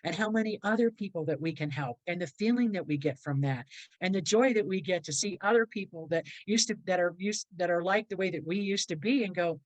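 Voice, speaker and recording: A woman's voice: lowish voice, fairly quick, dry recording, low-quality recording. A middle-aged woman, a podcast guest and motivational speaker, telling a personal story in a rambling, earnest way and acting out the voices of people in it.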